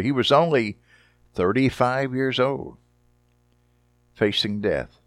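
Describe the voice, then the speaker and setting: A man preaching a sermon, reading Bible passages dramatically and deliberately and adding short wry comments. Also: mid-range voice, animated, no echo, clean studio sound. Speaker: Bible teacher.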